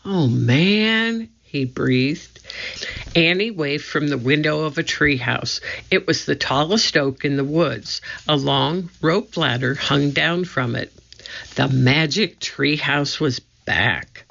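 A narrator reading a children's book aloud in an expressive storytelling manner. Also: medium pitch, takes it slowly, creaky, dull audio. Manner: expressive storytelling, voicing each character. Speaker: audiobook narrator.

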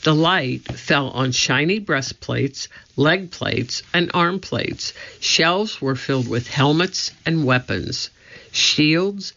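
A man reading a children's story aloud in a steady, scripted narration. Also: medium pitch. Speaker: audiobook narrator. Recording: slightly dull lo-fi audio.

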